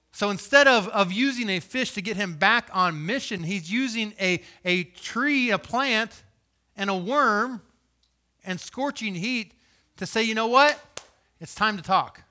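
A man preaching a sermon with a high, bright voice. He reads scripture aloud and voices questions, swinging from loud emphatic lines to hushed, low-spoken ones. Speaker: pastor.

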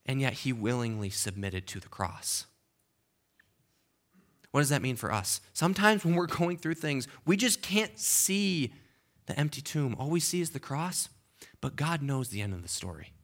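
A pastor preaching in church uses a mid-range, fairly bright voice with lively intonation at a moderate pace. He's conversational yet emphatic, frequently checking in with the congregation and dropping in okays and restarts.

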